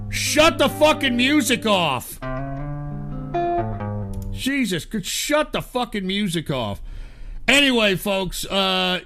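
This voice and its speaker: A man hosting a livestream, ranting angrily and cursing constantly, stammering through restarts. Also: sits high. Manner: profane, angry ranting. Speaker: livestream host.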